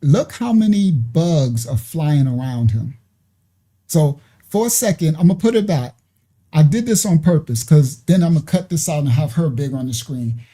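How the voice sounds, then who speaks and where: A man's voice: a little high, lively intonation, normal speed, dark tone. A man hosting a reaction video, musing aloud and asking his viewers questions in a casual way.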